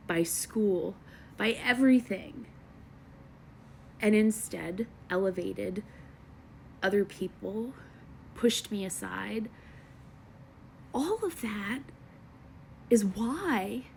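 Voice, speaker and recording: An American woman in her thirties venting earnestly to her viewers in a personal vlog, halting and emotional. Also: mid-range voice, vocal fry, a little hiss or hum. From United States. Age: 30s. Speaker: vlogger.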